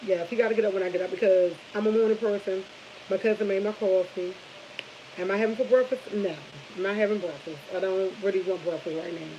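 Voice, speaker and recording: A woman's voice: medium pitch, quick pace, dull audio, slight background noise. A woman, chatting casually over morning coffee, rambling from subject to subject and retelling a long story. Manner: rambling, jumps between subjects, animated storytelling. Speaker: vlogger.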